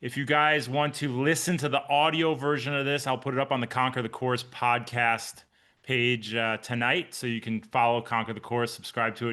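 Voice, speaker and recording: A man's voice: mid-range voice, sharp tone. A man in his forties, a triathlon coach hosting a live pre-race briefing over a video call, chatty and joking with his listeners. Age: 40s.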